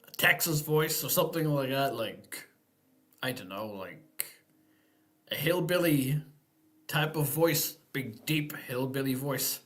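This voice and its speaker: A man's voice: medium pitch, slow pace, fairly bright tone. Easygoing man hosting a live stream. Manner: easygoing, rambling, thinks aloud with fillers. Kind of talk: casual live-stream Q&A chat.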